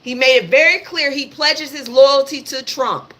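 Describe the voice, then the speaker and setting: This livestream host has a high, fairly bright voice and talks at a moderate pace. She speaks straight to viewers with blunt, emphatic political takes, repeating herself and cursing freely.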